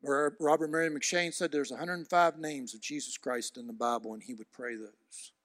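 A man preaching a sermon with emphatic repetition, swinging from loud shouts to hushed near-whispers. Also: fairly high pitch, steady tone, moderate pace, no echo, clean studio sound.

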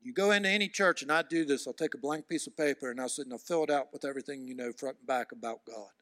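A man preaching a sermon with emphatic repetition, swinging from loud shouts to hushed near-whispers. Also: mid-range voice, fast, no room sound, studio quality.

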